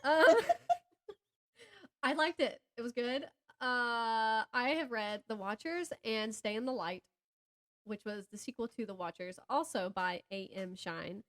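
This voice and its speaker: As a co-host on a casual book podcast, a woman with a Southern American accent talks at normal speed in a medium-pitched, fairly bright voice. She chats loosely about books, often laughing and cutting off her own thoughts as she rambles.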